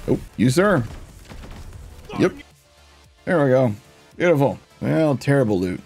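A man giving casual, jokey commentary over his own gameplay, laughing often and getting excitable. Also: mid-range voice, a little slow, gravelly, faint music behind. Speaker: gaming streamer.

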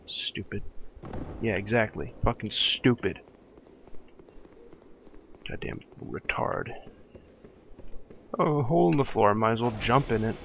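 Slow, cursing young gamer man. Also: fairly low pitch, animated, vocal fry, dull audio, noisy background. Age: young adult. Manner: cursing, exasperated muttering at the game. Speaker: let's play commentator. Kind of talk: frustrated gameplay commentary. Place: room at his parents' home.

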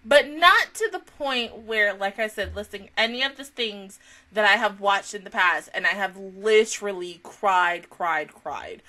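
A woman's voice: mid-range voice, lively intonation, unhurried, sharp tone. A woman giving casual, rambling reaction commentary on an anime, emotional and swearing freely. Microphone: headphones on.

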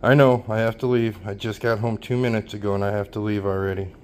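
A man's voice: lowish voice, flat delivery, quick pace, very noisy, lightly acted. A man voicing his teasing pet dog. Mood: lazy. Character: teasing male pet German shepherd dog.

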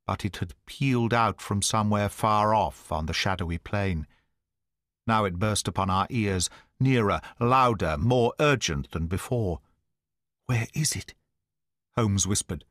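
A man narrating an audiobook in a measured, dramatic storytelling manner. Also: on the low side, fairly bright tone, no echo, clean studio sound.

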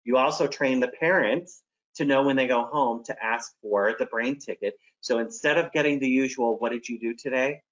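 A man's voice: medium pitch, normal speed. Man presenting teacher training, dull audio. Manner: friendly, practical, explains with acted examples.

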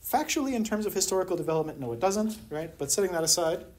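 This anthropology lecturer, from Pittsburgh, USA, is an animated fast talker with a medium, a little mellow voice. He gives an academic colloquium talk in a university lecture room, wry and funny, posing rhetorical questions.

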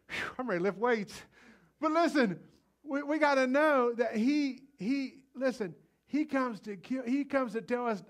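A middle-aged man preaching a live sermon at a church service, energetic and exhorting, swinging between loud outbursts and low, quiet passages. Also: a little slow. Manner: energetic, exhorting, calls out "come on". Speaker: pastor.

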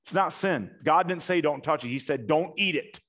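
Animated man preaching a sermon. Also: on the high side. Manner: animated storytelling, acts out quotes, emphatic slow punchlines.

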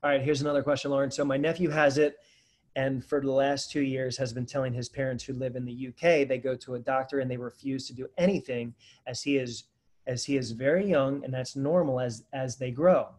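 A man's voice: medium pitch, fairly even intonation, brisk, a little mellow. A man, a dentist, hosting a casual webinar Q&A, talking energetically and rambling straight to viewers.

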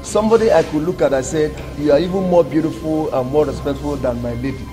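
An actor with a Nigerian accent playing a coaxing friend who flatters a woman to calm a dispute in a Nollywood film. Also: fairly high pitch, quick pace, over music, close to an everyday voice. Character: smooth-talking friend, flattering peacemaker. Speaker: peacemaking friend.

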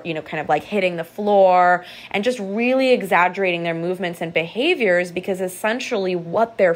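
A woman art therapist giving a calm, reflective motivational podcast talk, guiding listeners through a visualization. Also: on the low side.

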